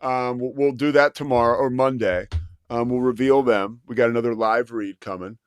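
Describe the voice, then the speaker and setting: A man hosting a sports talk show, chatting casually with a co-host and reading live sponsor spots in an animated, rambling way. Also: medium pitch, moderate pace. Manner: animated, rambling, laughs at his own story. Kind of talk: casual talk-radio chat with live ad reads.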